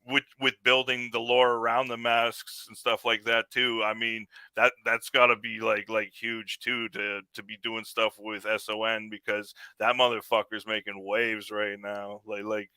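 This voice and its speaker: A man's voice: on the low side, level tone, a little slow, hardly any pauses, bright, forceful tone, smooth, no room sound, low-quality recording. A man with a Canadian accent hosting a podcast in casual chat, swearing freely and laughing often as he rambles through stories. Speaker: podcast host.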